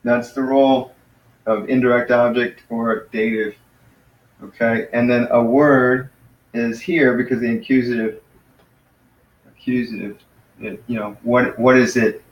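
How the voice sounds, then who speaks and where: Teacher explaining from across an echoey room. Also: male voice, medium pitch, little pitch movement, highs cut off. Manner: explains patiently, slows to sound out Greek words. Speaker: Greek teacher. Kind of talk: informal classroom lesson. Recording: echoey room, mic far off.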